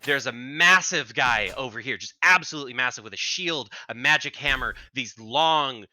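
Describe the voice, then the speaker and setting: A man narrating as game master in an animated, descriptive way. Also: mid-range voice, normal speed, no echo.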